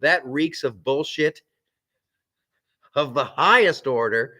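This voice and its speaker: A male host chats loosely on a live stream, reading viewer comments aloud and drifting between topics. His delivery is rambling and conversational, full of restarts and offhand asides. His voice sits at an ordinary middle pitch for a man. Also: slow pace, sharp tone. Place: on a film set.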